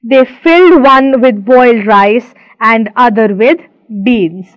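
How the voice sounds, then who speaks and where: A woman teacher from India reads a story aloud in a fairly high voice, stopping to explain each word and restating things slowly with fillers. The recording is dry, dull and lo-fi.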